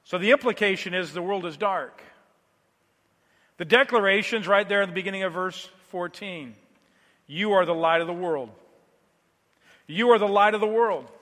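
A man preaching a sermon, moving between quiet, low passages and loud, emphatic declarations. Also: normal speed, pauses often, long reverb tail.

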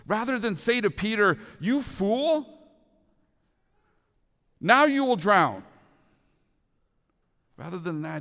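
A man's voice: on the high side, fairly bright tone. Earnest male pastor in a reverberant hall. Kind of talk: sermon. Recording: long reverb of a large hall.

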